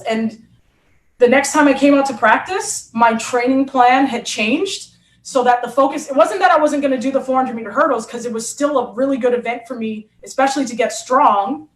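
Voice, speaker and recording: A woman, a former hurdler and coach, telling a story in an animated conversational way and acting out what people said. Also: sits high, brisk, echoey room. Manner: animated, acts out quotes.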